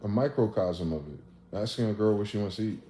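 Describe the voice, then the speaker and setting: A man casually riffing on a livestream, profane and animated, acting out both sides of conversations. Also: fairly low pitch, fast talker. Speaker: livestream host. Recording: echoey room with faint ambient noise.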